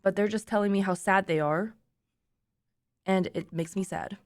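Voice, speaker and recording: A woman's voice: mid-range voice, normal speed, no echo. Tearful young woman streamer rambling. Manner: emotional, tearful and laughing, rambling with restarts. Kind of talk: casual chat to stream viewers. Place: treated room with acoustic panels.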